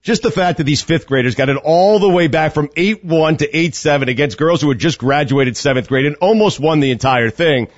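A man's voice: a little high, fairly quick, hardly any pauses, dry recording. Choked-up man telling a sports story. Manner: choked up, storytelling with rising excitement. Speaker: co-host, youth lacrosse coach. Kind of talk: emotional radio storytelling. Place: radio studio. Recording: dull radio studio sound, dry.

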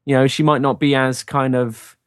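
A man co-hosting a podcast in casual chat, jokey and playful, riffing on ideas with a quick wit. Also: mid-range voice, level tone, no echo, clean studio sound. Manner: playful, jokey, goes off on riffs. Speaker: podcast co-host.

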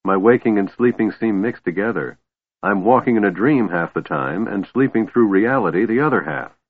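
A man's voice: lowish voice, animated, normal speed, husky. A man voicing a weary, bitter young elf woman commander, sighing through her lines. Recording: tinny phone-like line, dry.

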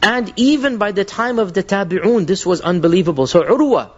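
A man with a fairly high voice gives an earnest religious lecture, telling stories to a live audience. He often restarts his sentences and drops Arabic phrases in as he goes. The recording sounds dull and lo-fi. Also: expressive, a little fast.

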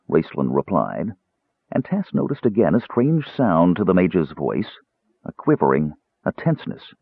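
A man narrating a fantasy story in a scripted, expressive storytelling delivery. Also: deep voice, measured pace, vocal fry, husky, no echo. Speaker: audiobook narrator. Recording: tinny phone-like band, dry.

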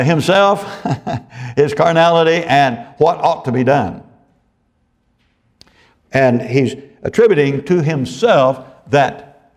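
Male pastor, fairly high voice, expository sermon, reads verses emphatically, conversational asides. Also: darkish tone. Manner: expository preaching, reads scripture aloud with emphasis; frequent tag questions and self-corrections.

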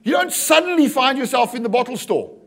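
A middle-aged man preaching a lively sermon, joking and acting out little scenes and calling out "Amen?". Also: extremely high pitch, a little fast. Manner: animated, jokey preaching with acted-out asides and calls of "Amen?". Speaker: pastor.

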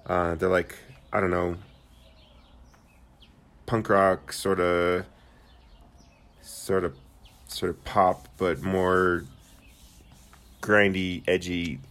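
A man's voice: sits low, level tone, very slow, pauses often, fairly bright tone. A man co-hosting a casual home podcast, talking in a rambling, hesitant way with a dry, sarcastic streak. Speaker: podcast co-host. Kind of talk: casual chat.

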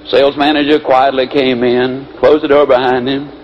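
A male motivational speaker telling anecdotes in an animated storytelling manner, on a dull lo-fi recording. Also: mid-range voice, moderate pace, a little hiss or hum. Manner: animated storytelling with lively voice shifts. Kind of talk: motivational speech with acted anecdotes.

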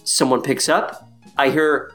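A man's voice: mid-range voice, fairly even intonation, slow pace, fairly bright tone, soft background music. A man in his thirties hosting a podcast in casual chat, swearing freely and laughing often. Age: 30s. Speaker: podcast host.

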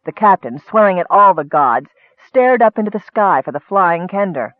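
High-voiced male fantasy narrator. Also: moderate pace, no echo. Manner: steady storytelling, rising for action. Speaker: audiobook narrator. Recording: dry, tinny phone-like sound.

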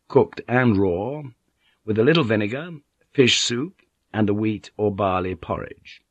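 A man reading a novel aloud as a narrator, measured and even. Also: lowish voice, dry recording. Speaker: audiobook narrator. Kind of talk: scripted narration.

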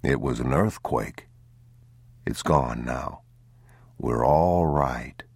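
Man reading a worn-out father, very deep and slow, soothing and hushed. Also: vocal fry, husky, no echo, exaggerated voice. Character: weary, protective father, quiet and grieving. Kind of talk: audiobook character voice.

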